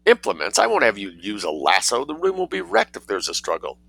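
A man's voice: fairly low pitch, wildly swooping pitch, brisk, creaky, dry recording, exaggerated voice, low-quality recording. A man voicing a prim, indignant lady who scolds sharply in a storybook reading. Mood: outraged. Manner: haughty, sharp-tongued, easily outraged.

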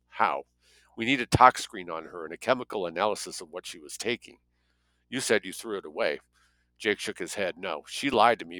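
Low bright-toned male audiobook narrator. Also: no room sound, rough recording. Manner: plain storytelling, voices dialogue lightly. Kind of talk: audiobook reading.

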